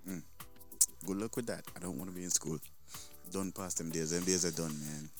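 A man's voice: sits low, steady tone, normal speed, over music. A man hosting a podcast, chatting casually in laid-back patois slang. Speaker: podcast host. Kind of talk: casual chat.

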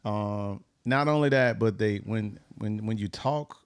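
Gravelly low-voiced man, podcast co-host. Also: measured pace, dry recording, clean studio sound. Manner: relaxed, laid-back with many fillers. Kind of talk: casual chat with a short scripture message.

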